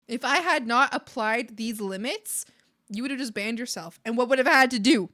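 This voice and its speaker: A young Canadian woman with a Canadian accent chats casually with viewers while drawing on stream. She rambles, giggles and scolds her viewers playfully, often breaking into shouts. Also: fairly high pitch, lively intonation, normal speed. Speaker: art streamer. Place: home streaming setup.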